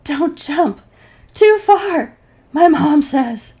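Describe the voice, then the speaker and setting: Woman doing her teen self, gasping and begging, all out of breath, higher voice. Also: lively intonation, moderate pace, dark tone. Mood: pleading. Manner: wheezing pleas. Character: teenage girl, breathless and panicked, earnest.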